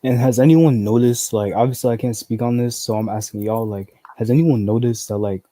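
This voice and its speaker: A man's voice: mid-range voice, steady tone, brisk, mellow, no room sound. A young man in casual group discussion, blunt and profane, peppering his talk with "like". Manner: blunt, profane, heavy use of "like" fillers.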